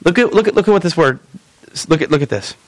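A male pastor preaching a sermon in a church, animated and often acting out quoted voices. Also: on the high side, fast talker, no echo.

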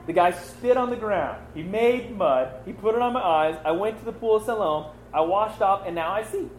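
An exasperated, snarky young man who used to be blind, as a male Bible teacher acts him out, pitched noticeably higher than the teacher's own voice and pressing his point hard. The sound is echoey, with faint ambience underneath. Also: a little fast, a little mellow, a little hiss or hum.

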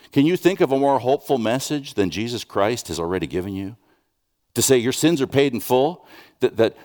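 A man preaching a sermon, conversational with restarts and rhetorical questions, dropping soft and then rising with urgency. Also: mid-range voice. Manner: swings from soft, hushed lines to raised, urgent questions. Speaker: pastor.

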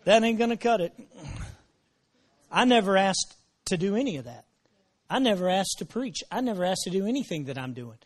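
A man preaching a sermon, repeating his phrases and dropping in praise exclamations, moving from low murmurs to shouted emphasis. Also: very animated, fairly quick. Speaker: pastor.

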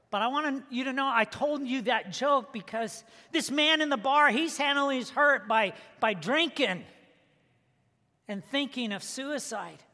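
A male pastor preaches in a high, bright, forceful voice that rings through a church sanctuary with a long reverb. His prayer is soft and hushed, and his storytelling is lively, with the characters acted out. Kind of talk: sermon with prayer and joke.

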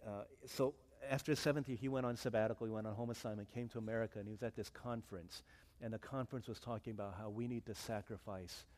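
Animated man telling a sermon story. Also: lowish voice. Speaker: pastor.

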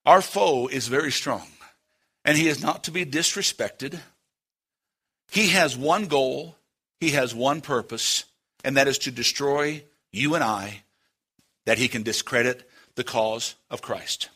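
A man preaching a sermon, speaking to the congregation with dramatic pauses and moving between loud and hushed delivery. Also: mid-range voice, lively intonation, slightly rough. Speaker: pastor. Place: church.

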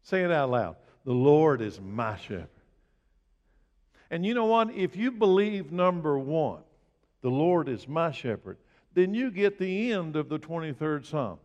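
A man with a fairly high voice preaches to his church, firing questions at the congregation and swelling into forceful, emphatic calls. His words ring out with the long echo of a big sanctuary. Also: expressive, moderate pace, highs cut off. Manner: preaching with rising emphatic bursts and direct questions. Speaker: pastor. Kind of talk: sermon. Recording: long reverb of a large hall.

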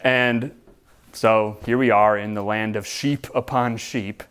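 A man preaching a sermon as pastor, in a relaxed, conversational way with frequent restarts and repeated words. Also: lowish voice, slow pace, clean tone.

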